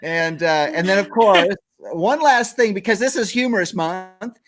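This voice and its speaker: A man's voice: high voice, a little slow, a bit bright. A middle-aged man hosting a casual morning show, rambling and joking, often laughing. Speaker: host.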